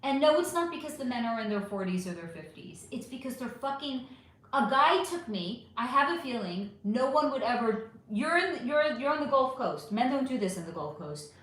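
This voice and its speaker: A woman's voice: high voice, sing-song, moderate pace. A middle-aged woman hosting a casual livestream, reading chat comments aloud and ranting with plenty of swearing. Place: home room. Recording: echoey room.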